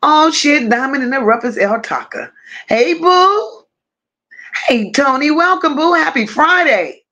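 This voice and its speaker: A woman hosting a casual livestream, greeting her chat one by one with drawling, affectionate shout-outs. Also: sits high, lively intonation, unhurried, highs cut off. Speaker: livestream host.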